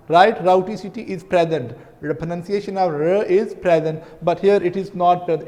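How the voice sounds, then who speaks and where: A man with a Pakistani English accent explains a lesson at a slow, careful pace. His voice sits fairly high for a man, and he repeats words and checks in with his listeners. The sound carries a long reverb, like a bare room. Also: darkish tone. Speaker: linguistics teacher. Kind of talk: recorded lecture.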